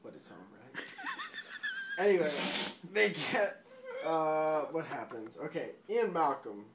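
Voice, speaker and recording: A man's voice: a little high, very animated, unhurried, noisy background. A drunk young man retelling a film in a rambling, swearing way, often laughing and tripping over his words.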